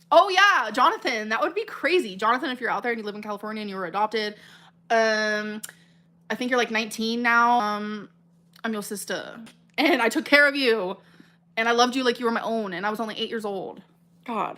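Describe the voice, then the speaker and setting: A woman's voice: fairly high pitch, fairly bright tone. Rambling, emotional woman livestreamer. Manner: rambling, stumbling over words, filler-heavy; emotional and earnest. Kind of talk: casual livestream chat, reading comments.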